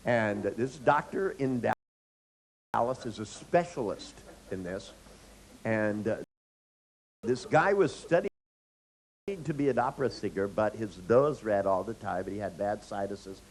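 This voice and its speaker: A man lectures on hypnotherapy, weaving in anecdotes and acting out lines in a sing-song voice. His pitch rises and falls with lively, animated range. A faint hiss sits under the recording. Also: rough recording. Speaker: hypnotherapy instructor.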